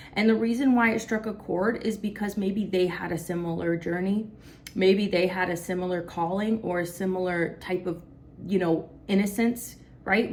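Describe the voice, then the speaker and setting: A woman's voice: on the low side, a little hiss or hum. A woman with a Southern US accent giving a collective tarot reading, talking casually and emotionally, with lots of "like" and some cursing. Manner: emotional, casual, says "like" a lot, curses. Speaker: tarot reader.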